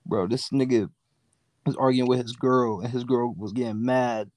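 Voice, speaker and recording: A young man in casual podcast chat, animated and laughing, acting out the people in his stories, swearing freely. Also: mid-range voice, normal speed, no echo. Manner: animated storyteller, acts out voices, laughs often, swears freely. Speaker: podcast guest. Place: in a car.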